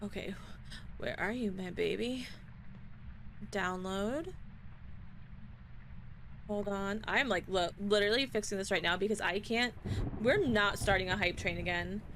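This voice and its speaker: A woman's voice: mid-range voice, normal speed, pauses often, noisy background. A woman streamer chatting casually to her live-stream audience, flustered and panicky. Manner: flustered, panicky, talks to chat. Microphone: desk microphone.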